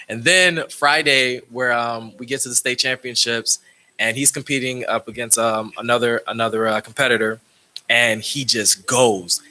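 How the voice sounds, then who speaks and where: Male coach, bright ringing voice, rambling storyteller with restarts. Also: mid-range voice, fairly even intonation, normal speed. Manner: storytelling, many restarts, acts out quoted dialogue. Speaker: track coach. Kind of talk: speech at a public meeting.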